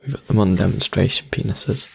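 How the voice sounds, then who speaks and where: A man's voice: low-pitched, a little fast, creaky, a little mellow, husky. A man co-hosting a casual podcast, crude and sarcastic, often muttering insults under his breath. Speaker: podcast co-host. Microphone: studio mic he keeps bumping.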